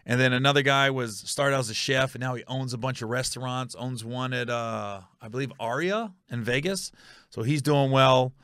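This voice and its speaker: A middle-aged man from Ohio hosts a comedy podcast, telling stories in an animated, emphatic way with quick asides and self-corrections. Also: mid-range voice, smooth, no room sound, studio quality. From Ohio, USA.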